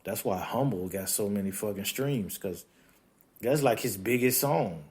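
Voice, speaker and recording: A man, hosting a podcast in a casual rant. He swears constantly and keeps jumping into high, incredulous outbursts. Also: unhurried. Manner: profane, animated, breaks into high-pitched incredulous outbursts. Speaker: podcast host.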